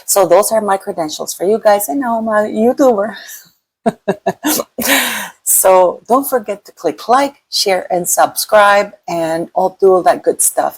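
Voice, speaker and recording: A woman giving casual, animated gossip commentary as a YouTube host, sometimes mimicking others in a mocking tone. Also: lowish voice, measured pace, breathy edge, poor audio. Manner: animated, mocking quoted voices.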